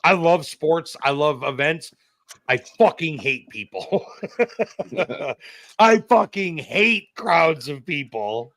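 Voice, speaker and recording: A man's voice: on the high side, expressive, takes it slowly, fairly bright tone, no echo. A man co-hosting a casual podcast, talking bluntly and swearing freely in a wry, griping way. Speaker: podcast co-host. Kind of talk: casual chat. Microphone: streaming podcast mic.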